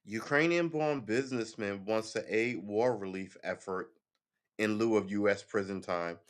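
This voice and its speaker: A man's voice: lowish voice, moderate pace. A man reads news headlines aloud on a casual live stream and adds sarcastic, offhand comments as he thinks aloud.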